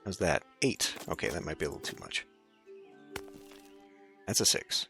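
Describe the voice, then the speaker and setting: A man narrates his gameplay in a relaxed, chatty way, thinking aloud with lively swings in pitch. Soft game music hums faintly behind him. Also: moderate pace, creaky. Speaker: let's play host. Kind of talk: casual gameplay commentary.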